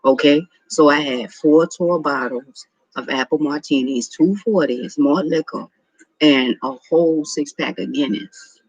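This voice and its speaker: Casual guy telling a story, slow and drawn out, gravelly, swears a lot, dry sound. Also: fairly high pitch, no echo, highs cut off. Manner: rambling, profane, repeats himself. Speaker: vlogger.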